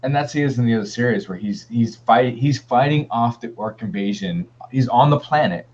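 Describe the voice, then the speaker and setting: A man's voice: mid-range voice, a little fast, a little mellow, a little hiss or hum. A man co-hosting a wargaming podcast in a laid-back, rambling chat with many fillers. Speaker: podcast co-host. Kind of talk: casual chat. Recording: dull lo-fi stream audio.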